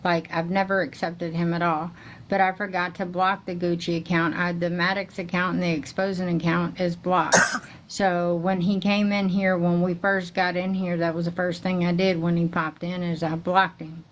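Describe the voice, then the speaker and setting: A woman's voice: lowish voice, little pitch movement, normal speed, slight background noise. A woman hosting a live stream, hurriedly explaining herself and cutting in. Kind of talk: casual live stream chat.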